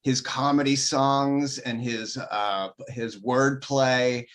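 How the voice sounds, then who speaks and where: Slow, halting comedian man. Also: mid-range voice, steady tone, fairly bright tone. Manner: halting, many ums and uhs, laughs easily. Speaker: comedian guest. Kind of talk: casual interview chat.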